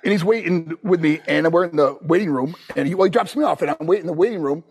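A man's voice: a little high, quick pace. A middle-aged man, a guest on a podcast, telling stories animatedly and acting out the people in them. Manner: animated, acts out the people in his stories, laughs often. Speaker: guest, former pro wrestler. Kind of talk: storytelling in a podcast interview.

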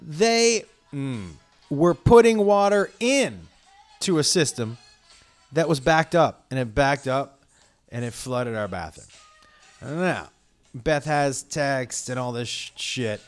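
A man's voice: mid-range voice, lively intonation, slow pace, faint music behind. A man telling a long, angry story in a casual, profane way, acting out the people he quotes.

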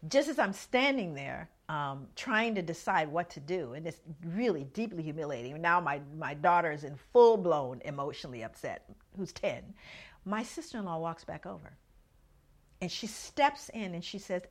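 A woman's voice: lowish voice, normal speed. A middle-aged woman telling a personal story, acting out the voices of the people in it. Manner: animated storyteller acting out others' lines. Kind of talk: storytelling talk.

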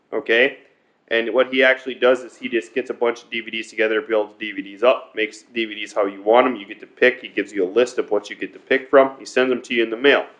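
A man's voice: mid-range voice, fairly bright tone, highs cut off. A man in crude, rambling casual chat as a podcast host, stumbling and repeating himself. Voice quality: rambling, profane, repeats words.

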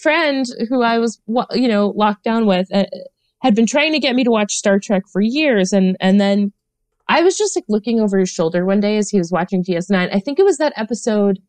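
Thirties woman guest, animated and giggly, pitch swinging all over, dry close mic. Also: fairly quick, smooth, no echo. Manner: animated, laughing, many fillers. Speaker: podcast guest. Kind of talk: casual chat.

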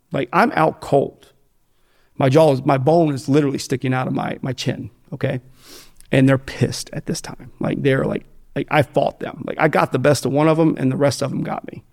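A man's voice: mid-range voice, gravelly, a little mellow. An American man speaking bluntly and profanely, rambling with fillers and restarts as he tells his story in an interview. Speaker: guest telling his addiction story.

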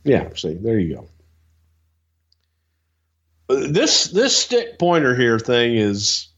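A man co-hosting a podcast, bantering and telling stories in an animated, casual way. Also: medium pitch, slow pace, slightly rough, lo-fi sound. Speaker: podcast co-host.

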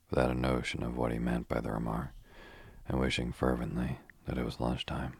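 A man narrating a classic mystery as a calm bedtime audiobook. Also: a bass voice, vocal fry, slightly rough, no room sound. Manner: even, unhurried reading.

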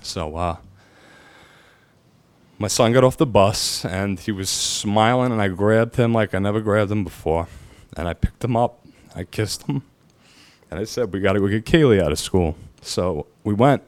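Deep-voiced New man, halting. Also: no room sound. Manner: halting, emotional, many pauses and fillers. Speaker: firefighter telling a personal story. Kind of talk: personal storytelling.

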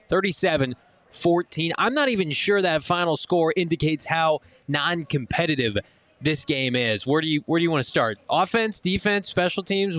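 A man's voice: a little high, a bit bright, dry recording. A man hosting a live postgame sports talk show, delivering an emphatic, ranting critique at a casino watch party.

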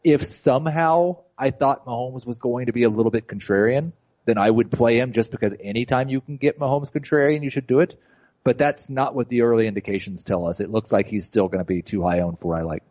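A man appearing as a regular guest on a fantasy football podcast, talking quickly and eagerly. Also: medium pitch, darkish tone, lo-fi sound. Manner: enthusiastic, quick, talkative. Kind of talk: casual podcast chat. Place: hotel.

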